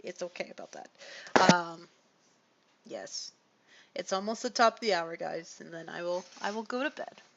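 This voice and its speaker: A woman's voice: lowish voice, moderate pace, gravelly, long pauses, a bit bright, dull audio, slight background noise. A tired woman chatting casually with viewers on a livestream, rambling and apologetic, with sighs. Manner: rambling, apologetic, with frequent sighs and small laughs.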